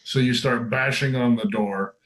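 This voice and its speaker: A man's voice: mid-range voice, fairly even intonation, normal speed, a bit bright, low-quality recording. A man narrating as game master of a tabletop game, easygoing and chuckling between descriptions.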